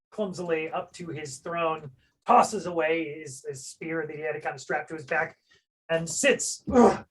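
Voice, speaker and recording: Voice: mid-range voice, fairly bright tone, slightly rough, low-quality recording. A game master casually narrating a tabletop game scene, filling in with lots of hedges and fillers.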